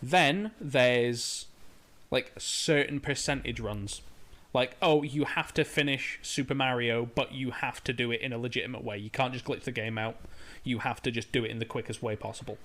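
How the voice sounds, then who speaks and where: A man's voice: mid-range voice, normal speed, a bit bright. A man co-hosting a podcast, explaining things in casual chat with lots of "like" and restarts. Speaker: podcast co-host.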